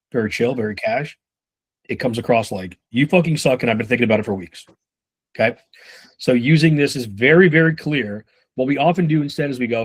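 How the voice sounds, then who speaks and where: A man giving casual sales-management coaching, talking loosely and with profanity while acting out quick snippets of conversation. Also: mid-range voice. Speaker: sales trainer.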